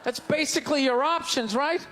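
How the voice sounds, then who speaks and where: A man doing stand-up comedy, ranting loudly and incredulously, shouting his punchlines to an audience on stage with a handheld mic. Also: extremely high pitch, moderate pace. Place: large comedy venue on stage. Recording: live show with crowd laughter and noise. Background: audience laughing and groaning.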